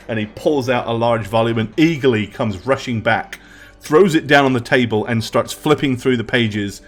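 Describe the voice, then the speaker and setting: A man's voice: medium pitch, normal speed, soft background music. A man narrating a live tabletop game as dungeon master, casual and full of fillers.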